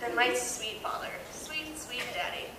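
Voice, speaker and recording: A young woman doing a stand-up comedy set in a large hall before a live audience. She tells stories in an animated way and often breaks into laughter, and she is heard from far off with loud audience noise. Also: fairly high pitch, measured pace. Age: young adult. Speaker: student comedian.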